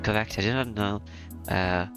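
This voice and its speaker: A man puts on a reserved young servant woman from a visual novel reading. She speaks in polite, measured phrases, in a deep, gravelly, flat voice. Music plays behind her. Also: natural voice.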